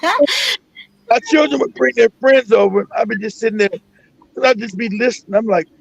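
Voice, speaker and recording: Gravelly, high-voiced man ranting profanely. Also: brisk. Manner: profane, emphatic, repetitive. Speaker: host. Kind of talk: casual talk-show rant. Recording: dull lo-fi sound.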